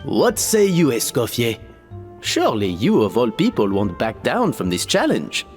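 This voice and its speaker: An actor playing a flamboyant French restaurant host with a thick French accent, theatrical and grandiose, in game audio with long reverb. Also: male voice, medium pitch, huge pitch swings, unhurried, soft background music.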